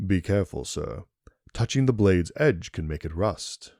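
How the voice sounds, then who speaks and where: A man's voice: low voice, animated, creaky, a little mellow, dry recording, clean studio sound, heavily acted. A man doing a stern old steward reading a will. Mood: curt. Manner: slow, measured, formal reading.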